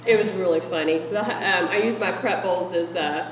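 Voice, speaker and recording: A middle-aged woman presenting meeting ideas to fellow directors, chatty and animated and laughing often. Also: fairly low pitch, normal speed, a crowd in the background. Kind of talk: casual presentation to a group. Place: meeting room with an audience. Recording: echoey room from a distant mic, audience audible.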